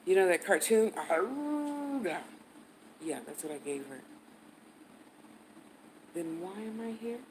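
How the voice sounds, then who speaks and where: An older woman in her sixties spinning a story with blunt, profane energy and fast turns between loud jabs and low muttered asides. Her voice sits slightly lower than most women's. A faint hiss of the room sits under it. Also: low-quality recording. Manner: blunt, cursing, animated storyteller. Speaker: vlogger.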